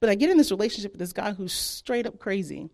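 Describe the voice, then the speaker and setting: A woman's voice: mid-range voice, quick pace, gravelly. Chatty woman telling her story. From southern United States. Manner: animated, chatty, acts out quotes, laughs often. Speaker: speaker giving a testimony. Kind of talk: personal testimony.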